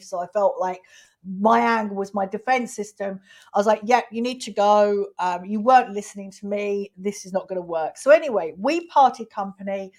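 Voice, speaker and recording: A woman in her fifties from England telling a frank personal story, expressive and outspoken, acting out quoted exchanges. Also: mid-range voice. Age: 50s. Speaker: podcast host.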